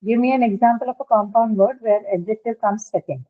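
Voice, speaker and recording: A woman whose voice sits on the high side teaches a class pronunciation rules over a narrow, phone-like video call. Working through each example with many fillers, she keeps stopping to check that everyone follows along.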